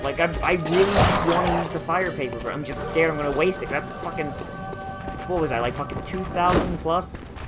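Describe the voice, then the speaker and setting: A man's voice: a little high, fairly quick, over loud music. A man streaming a video game, talking casually with sarcastic jokes, heavy swearing and frustrated outbursts. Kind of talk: casual gameplay commentary.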